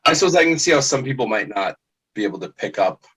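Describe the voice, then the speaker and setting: A man hosting a casual podcast interview, asking relaxed questions and rephrasing them as he goes. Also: medium pitch, quick pace, slightly rough, poor audio. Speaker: podcast host.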